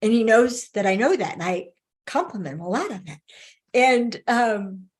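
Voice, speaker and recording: A woman teaching a class, telling personal stories in an expressive way, often laughing and restarting sentences. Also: on the high side, moderate pace. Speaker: relationship teacher. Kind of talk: storytelling talk to a class.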